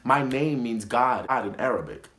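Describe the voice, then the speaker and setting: A man's voice: medium pitch, moderate pace, a bit bright, roomy sound. A young man telling a story time vlog in an emphatic, indignant way, often repeating himself. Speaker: vlogger.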